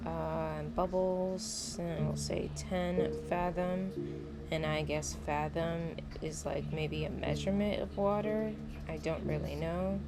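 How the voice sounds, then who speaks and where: A woman's voice: on the low side, fairly even intonation, slow, over loud music. A woman casually narrating her gameplay on a laptop mic, rambling and hesitant with a self-deprecating manner.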